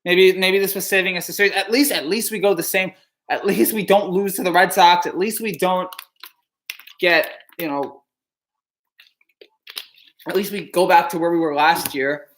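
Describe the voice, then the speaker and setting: A man's voice: high voice, fairly even intonation, moderate pace, pauses often, a bit bright, a little hiss or hum. A man on a live reaction stream, dejected and stammering, repeating himself.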